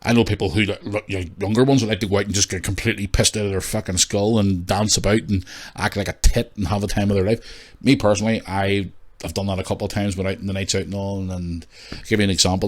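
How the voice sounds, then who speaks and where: A man hosting a casual solo podcast, rambling, candid and quick to swear. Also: low-pitched, level tone. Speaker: podcast host.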